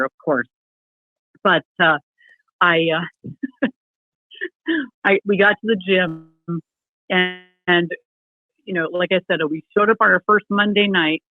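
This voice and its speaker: A woman's voice: fairly low pitch, no room sound. Woman telling her story over a tinny line. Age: middle-aged. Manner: lively storyteller who acts out quoted people. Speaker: guest. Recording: tinny phone-like remote call, dry.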